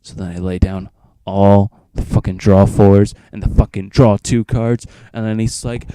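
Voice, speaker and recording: Teen vlogger, low mellow voice, rambling profane storyteller, dry close sound. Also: male voice, steady tone, unhurried, hardly any pauses, slight background noise. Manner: rambling, profane, acts out friends' lines. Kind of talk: casual storytelling.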